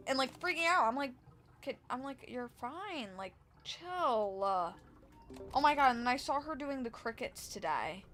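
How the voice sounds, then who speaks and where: A woman's voice: high-pitched, expressive, unhurried, fairly bright tone, faint music behind. A young woman streaming a game and telling a rambling, exasperated story about work, full of restarts and fillers. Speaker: live streamer. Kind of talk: casual storytelling while gaming.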